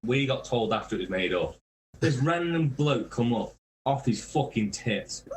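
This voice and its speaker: A man's voice: mid-range voice, animated, moderate pace, slight background noise, low-quality recording. A man, a guest musician, telling tour stories casually, swearing a lot and laughing mid-sentence. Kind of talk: casual storytelling.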